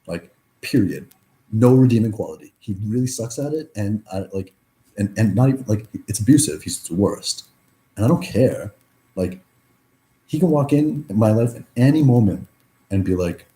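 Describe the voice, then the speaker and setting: A man's voice: fairly low pitch, expressive, moderate pace, dark tone. A young man in a reflective personal monologue, rambling through many fillers and swearing freely. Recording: echoey room.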